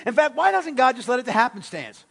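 A man's voice: very high voice, very animated, quick pace, creaky, fairly bright tone. A man preaching a sermon as pastor, emphatic, with rhetorical questions and words repeated for stress. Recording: long hall reverb.

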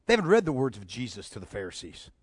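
A man's voice: medium pitch, wildly swooping pitch, quick pace, husky, dry recording. A man preaching a sermon, bold and emphatic, driving points home with repeated rhetorical questions.

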